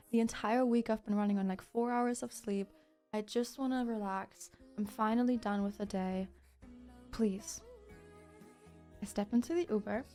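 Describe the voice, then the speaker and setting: A young woman from Germany with a German accent, a streamer casually telling a story to her chat, acting out the people in it and cursing freely. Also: fairly high pitch. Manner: animated, acts out quotes, swears, many fillers.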